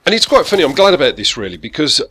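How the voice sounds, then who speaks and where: A man's voice: fairly high pitch, big pitch swings, rapid-fire, a bit bright, slightly rough. A gaming YouTuber chatting casually to his viewers in a rambling, self-deprecating way. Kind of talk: casual talk to camera.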